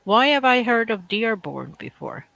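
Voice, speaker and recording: A man's voice: high voice, big pitch swings, measured pace, vocal fry, pushed and bright, no echo. A man from Sweden with a Swedish accent, chatting casually in slightly broken English and musing aloud. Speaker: chat participant. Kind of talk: casual voice chat.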